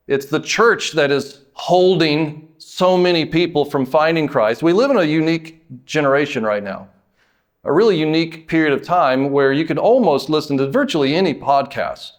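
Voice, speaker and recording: Preaching from the pulpit, an American male pastor leans hard on his words and lengthens them. Abrupt surges in pitch and volume punctuate the sermon, along with folksy side comments.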